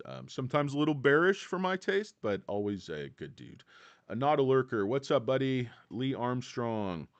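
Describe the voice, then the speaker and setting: A tired man from California's Central Valley hosts a casual stock livestream, rambling and joking with lots of fillers. His voice sits on the low side, with no echo.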